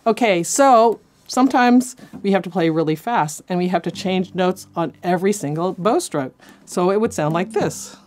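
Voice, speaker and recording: A woman's voice: lowish voice, animated, moderate pace, few pauses, a little mellow. Woman cello teacher, encouraging, counts aloud, faint cello behind her. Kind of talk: instructional lesson. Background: faint cello music.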